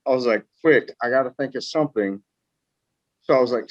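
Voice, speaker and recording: A man telling a profane, animated family anecdote in casual podcast chat. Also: mid-range voice, normal speed, dry recording, dull audio. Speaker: guest.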